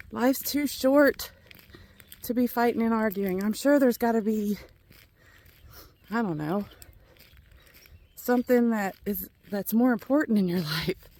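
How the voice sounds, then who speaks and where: A woman's voice: fairly high pitch, a little slow, pauses often, darkish tone. A middle-aged woman with a Kentucky accent, out of breath as she chats casually with viewers while walking laps outdoors. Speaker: vlogger. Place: outdoors, walking around a neighborhood.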